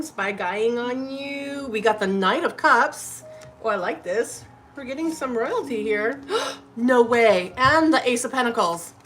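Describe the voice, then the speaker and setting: Chatty high-voiced woman reading tarot live. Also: fairly bright tone, a little hiss or hum. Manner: chatty and effusive, often says "literally" and "right?". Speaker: tarot reader hosting a live stream.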